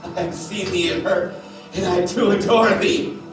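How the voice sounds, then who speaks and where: A man's voice: high voice, fairly even intonation, unhurried. A man playing a fawning, brutish island monster on stage, worshipful and eager, recorded from far off in an echoey hall. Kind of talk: live stage acting. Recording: echoey, distant stage mic with music.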